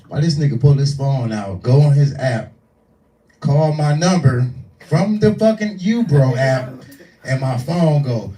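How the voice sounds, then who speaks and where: A man in his forties doing live stand-up, telling a profane, animated story and acting out the voices in it. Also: mid-range voice, normal speed. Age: 40s. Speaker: stand-up comedian. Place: small live venue. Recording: echoey room, distant mic.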